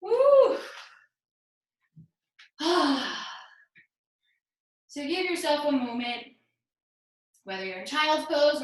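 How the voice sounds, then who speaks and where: A yoga instructor with a high-pitched, somewhat bright voice teaches a live class, giving upbeat cues, half-singing a few, laughing at herself and slightly out of breath. Heavy reverb and a rough sound come from the distant laptop mic on a hotspot.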